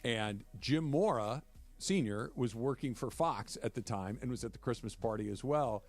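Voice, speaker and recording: A man co-hosting a sports radio show, chatting casually and telling animated stories. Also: mid-range voice, normal speed, faint music behind.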